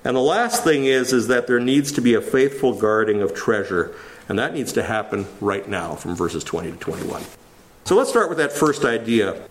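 A male pastor preaching a sermon, reading scripture with slowed emphasis and asking the congregation questions. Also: medium pitch. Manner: lively, varied delivery with slowed emphasis on scripture.

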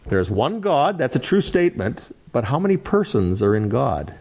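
Male Bible study teacher, animated delivery, engages the class with questions. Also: mid-range voice, moderate pace. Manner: animated, asks the class questions, laughs lightly. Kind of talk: interactive Bible class lecture.

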